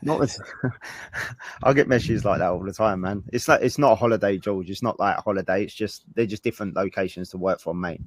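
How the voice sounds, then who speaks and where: A man with a lowish voice, co-hosting an online Q&A. He speaks bluntly and casually, brushing off modest goals. The sound is dry and close, with no room echo. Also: a little fast. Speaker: co-host. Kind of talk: live webinar Q&A.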